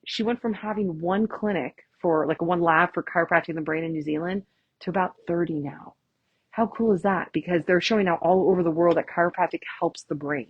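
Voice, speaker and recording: A woman chiropractor, giving a lively, chatty workshop talk and often asking "right?". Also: on the low side, husky, no room sound, highs cut off. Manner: chatty, tags lines with "right?", acts out quotes. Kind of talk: casual, enthusiastic presentation.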